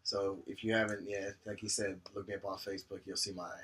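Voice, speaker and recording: A man's voice: low-pitched, level tone, fast, fairly bright tone, slight background noise. A man co-hosting a podcast in casual chat, telling stories playfully with slang. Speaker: podcast co-host.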